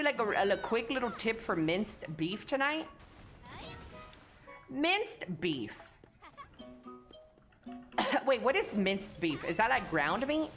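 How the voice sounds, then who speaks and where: A woman's voice: fairly high pitch, very animated, slow, long pauses, fairly bright tone, soft background music. A young woman streamer chatting casually and crudely with her chat, teasing and joking. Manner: profane, teasing, talks to chat.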